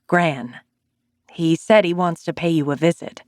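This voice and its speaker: A woman's voice: sits low, measured pace, a little mellow, no echo, studio quality. A woman voicing a caring older grandmother who reads out her texts plainly in an audiobook.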